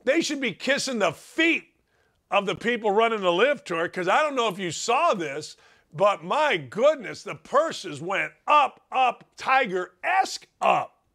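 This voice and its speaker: A man's voice: high voice, very animated, a little slow, vocal fry, sharp tone. A man hosting a sports talk show, ranting with sarcastic, emphatic opinions.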